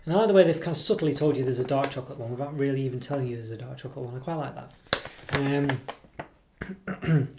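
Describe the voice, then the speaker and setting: A man chats through a chocolate review at a relaxed, meandering pace. His talk is loose and hesitant, with plenty of ums, restarts and self-mocking asides. The recording carries a clear hiss of background noise and the odd click. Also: medium pitch, racing. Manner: rambling and hesitant, with many ums and self-corrections; self-deprecating. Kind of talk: casual product review.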